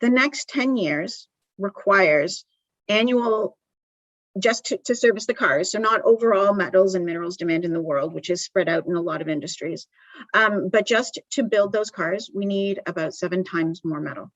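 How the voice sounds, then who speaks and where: A woman's voice: mid-range voice, normal speed, no room sound. A woman giving a live conference presentation in a conversational way, with frequent ums and restarts. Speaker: conference speaker. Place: conference venue.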